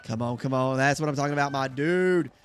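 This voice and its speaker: A young man hosting a gaming channel chats casually with his viewers while he plays. His medium-pitched voice moves fairly quickly, with faint music behind him.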